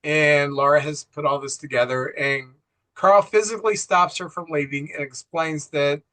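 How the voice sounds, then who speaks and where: Middle-aged dad retelling a movie, acts out the lines, chuckles at his own jokes, kinda high bright voice. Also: fairly even intonation, normal speed. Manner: acts out film dialogue in quoted voices, laughs at own jokes. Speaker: co-host, father. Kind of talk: casual movie recap.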